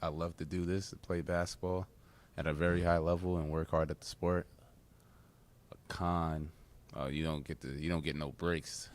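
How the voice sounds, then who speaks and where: Young male college athlete, deep voice, easygoing, short interview answers. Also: little pitch movement, normal speed. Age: young adult. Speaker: college basketball player.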